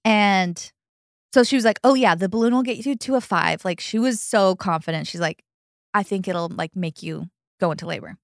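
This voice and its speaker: A woman's voice: medium pitch, moderate pace, gravelly, no echo, studio quality. A young adult woman hosting a podcast, telling a personal story in casual chat, chatty and full of fillers, laughing often.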